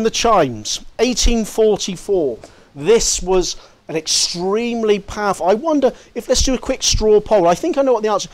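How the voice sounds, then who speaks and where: A man delivers a lecture to an audience, with a voice a little higher than most men's. He talks in a lively, digressive way and breaks off to read quotes aloud.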